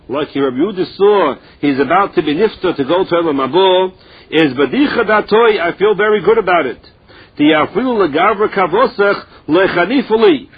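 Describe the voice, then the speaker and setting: A man leads a Talmud lesson, chanting each source line slowly and then explaining it plainly. His voice sits high for a man and sounds husky. The recording is dull and lo-fi. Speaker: Talmud teacher. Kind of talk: Talmud lesson, translating Aramaic into English.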